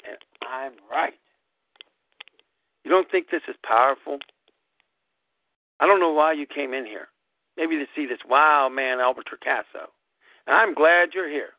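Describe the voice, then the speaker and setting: A man hosting a live podcast, giving an emphatic, preachy motivational talk that repeats phrases and swings sharply up and down in pitch. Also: measured pace, long pauses, no room sound. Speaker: host of a gaming club podcast. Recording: dry, tinny phone-like audio.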